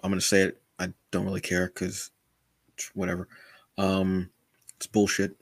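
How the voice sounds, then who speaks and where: A man co-hosting a podcast in casual chat, from the United States, animated and often calling his co-host brother. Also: low-pitched, normal speed, creaky, no echo, clean studio sound. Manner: animated, says "brother" often, acts out quotes.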